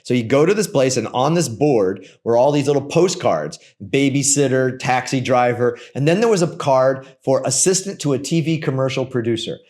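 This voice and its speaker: A man in his sixties, a podcast guest telling lively stories and acting out the voices of the people in them. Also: medium pitch, normal speed, few pauses. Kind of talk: animated storytelling.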